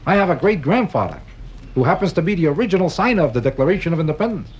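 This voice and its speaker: A man doing stand-up comedy on a nightclub stage, with a deadpan, kvetching, sing-song delivery. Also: a little high, racing, low-quality recording. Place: nightclub stage before a live audience. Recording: 1962 live album with audience noise.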